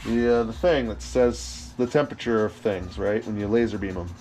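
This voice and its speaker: A man's voice: fairly low pitch, moderate pace, darkish tone, faint music behind. A man making fishing lures in his workshop, chatting casually on a livestream and answering questions, rambling and restarting his sentences, with the odd swear word. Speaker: fishing lure maker hosting a livestream. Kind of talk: casual live-stream chat answering questions.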